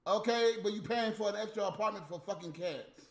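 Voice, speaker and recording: A man delivering a heated, profane, scolding rant on a livestream, with loud bursts. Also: high-pitched, fairly quick, vocal fry, hardly any pauses. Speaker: livestream host. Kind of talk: unscripted ranting monologue. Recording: echoey room with faint music.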